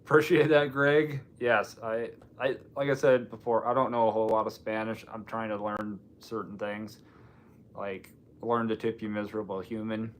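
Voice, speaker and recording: A man's voice: lowish voice, flat delivery, normal speed. A man from Washington State hosting a casual live stream, rambling and joking while answering viewer comments. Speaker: livestream host.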